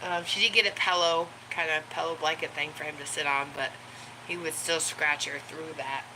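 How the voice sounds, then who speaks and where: A woman's voice: fairly even intonation, normal speed. A woman vlogger chatting casually about her pets, rambling with many ums and little laughs. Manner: high baby talk to her pets. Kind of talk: casual chat to camera. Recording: home recording with clear background noise.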